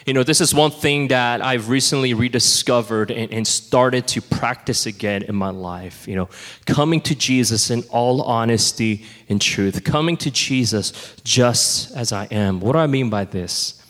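A man preaching a sermon as pastor, conversational and animated, sometimes dropping to a hush. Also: mid-range voice, unhurried. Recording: reverberant hall.

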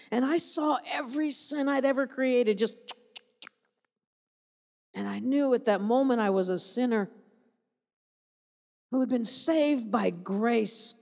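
A woman's voice: medium pitch, expressive, normal speed, vocal fry, pauses often, darkish tone. A woman missionary giving a personal testimony to a church audience, telling her story with animation, laughter and repeated phrases for emphasis. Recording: echoey hall reverb.

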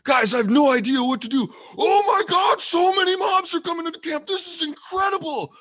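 A man voicing a chatty, clueless Scottish gamer in a put-on Scottish accent, loud and rambling. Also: extremely high pitch, brisk, voice pushed up. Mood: excited, confused.

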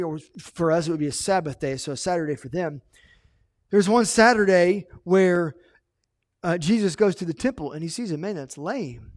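Animated high-voiced male pastor preaching. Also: no echo, clean studio sound. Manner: animated, swings between loud emphasis and quiet asides. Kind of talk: sermon.

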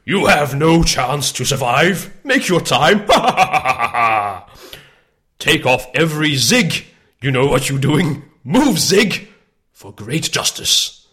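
A booming, theatrical older narrator, as a man puts him on in a comic impression, bellows his lines in a raised voice that swoops wildly up and down. He drags each word out slowly and hammily. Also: big pitch swings, pushed and bright, exaggerated voice. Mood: hammy. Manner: bellowing, halting, breaks into laughter.

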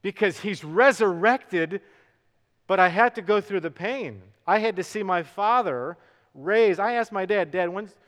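Middle-aged male pastor, dramatic sermon delivery, slow emphatic stresses, bit higher than usual. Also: expressive. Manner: dramatic swings from hushed to loud with slow emphatic words. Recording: long hall reverb.

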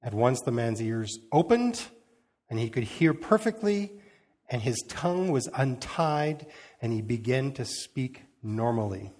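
A man's voice: mid-range voice, expressive, measured pace, darkish tone. A man giving an informal sermon, reading scripture and retelling it in a conversational way, acting out the quotes and chuckling as he goes. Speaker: preacher.

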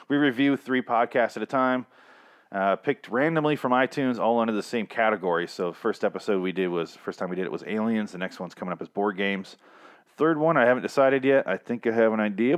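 A man hosts a solo podcast in a casual, rambling manner, swearing freely as he jokes along. His low voice comes out hoarse and strained. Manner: profane, rambling, jokey. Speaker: podcast host.

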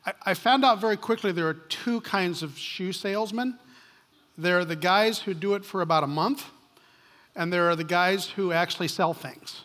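A man's voice: sits high, moderate pace, fairly bright tone. A man preaching a sermon from a church stage, telling stories in a conversational way with frequent restarts. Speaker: pastor. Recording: long hall reverb.

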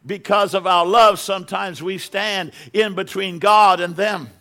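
A man's voice: high-pitched, steady tone, a little slow, few pauses, sharp tone. A middle-aged man preaching a sermon as pastor in a church, building to emphatic bursts and repeating words as he goes.

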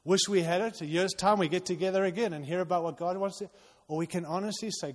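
A male pastor preaching a sermon to his church, urging loudly at times and dropping to quiet intensity at others. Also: high voice, fast, hardly any pauses. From outside the United States. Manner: impassioned, swings between loud urging and quiet intensity. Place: church hall. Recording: long reverb of a large hall.

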